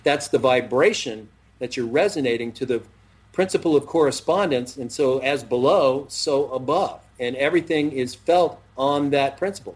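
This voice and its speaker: Husky-voiced man preaching self-help. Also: mid-range voice, normal speed. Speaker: self-help show host. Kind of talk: motivational talk-show chat.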